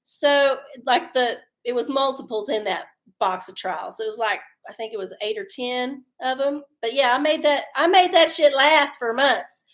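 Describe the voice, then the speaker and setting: A woman's voice: high voice, normal speed, fairly bright tone. A woman hosting a live stream, chatting in a folksy, rambling way and swearing freely. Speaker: livestream host doing oracle readings. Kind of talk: casual live-stream chat.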